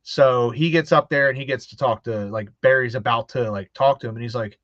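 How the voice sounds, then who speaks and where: A man's voice: medium pitch, brisk, a bit bright, no room sound. A man hosting a casual chat, telling stories animatedly and acting out quoted voices, with frequent laughs. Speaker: host. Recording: dull lo-fi dry sound.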